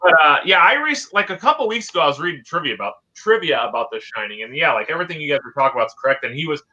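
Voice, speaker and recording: A man co-hosting a casual movie podcast, talking in a halting way with many restarts. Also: on the high side, expressive, sharp tone. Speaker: podcast co-host. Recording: dull lo-fi sound.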